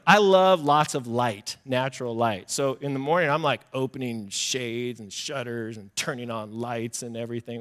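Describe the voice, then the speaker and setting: A man's voice: mid-range voice, a bit bright, in a large hall. A male pastor giving a conversational sermon, acting out little quoted exchanges and poking fun at himself. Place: church sanctuary.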